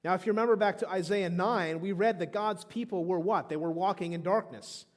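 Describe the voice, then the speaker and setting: Male pastor, thirties, fairly high voice, preaching emphatically, long hall reverb. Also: fairly quick. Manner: emphatic preaching with frequent restarts. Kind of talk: sermon. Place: church sanctuary.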